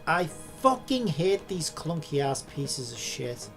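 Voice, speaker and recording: A man's voice: fairly high pitch, big pitch swings, takes it slowly, a bit bright, soft background music. A man streaming a game live, casually commenting, swearing and grumbling to himself as he plays.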